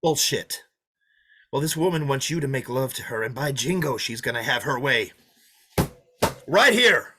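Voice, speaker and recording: An actor playing a menacing drifter who taunts his hostages, swinging from loud mockery to hushed threats, in a play reading. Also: mid-range voice, animated, normal speed, pauses often, noisy background, close to an everyday voice. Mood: taunting. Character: menacing, sneering drifter holding a diner hostage. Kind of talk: play read over a video call.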